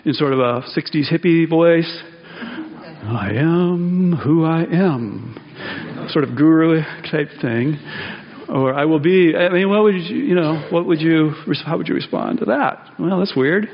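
A man delivers a sermon in a casual, talky manner, circling back on his phrases before climbing higher and louder to press a point home. His voice sits a touch high for a man. The sound is slightly dull and carries a long church reverb. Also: normal speed. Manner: conversational, self-interrupting, rises emphatically on key points. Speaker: pastor. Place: church sanctuary.

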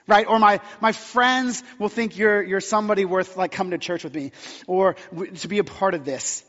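A man with a fairly high voice preaches a conversational sermon, slipping into little acted-out quotes as he tells his story. The sound is a bit dull and rings with long reverb from a church hall. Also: moderate pace, fairly bright tone. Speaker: pastor.

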